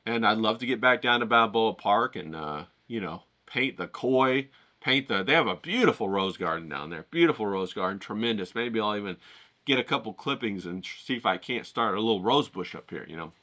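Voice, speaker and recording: A man's voice: lowish voice, expressive, fairly quick, sharp tone. A man hosting a painting vlog, talking in a rambling, enthusiastic way with lots of fillers and casual swearing. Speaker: painting channel host. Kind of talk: casual motivational vlog talk. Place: home in the desert.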